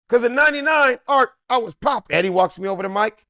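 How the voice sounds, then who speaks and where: A man telling an animated anecdote as a podcast guest, acting out the people in his story with changed voices. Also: extremely high pitch, quick pace, dry recording, studio quality. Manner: acts out each person in the story with changed voices.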